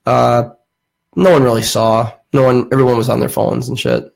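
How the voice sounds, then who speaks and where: A man's voice: medium pitch, little pitch movement, moderate pace, gravelly, darkish tone, low-quality recording. A young man hosting a podcast, telling a long rambling story in casual, profane chat with plenty of fillers. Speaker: podcast host.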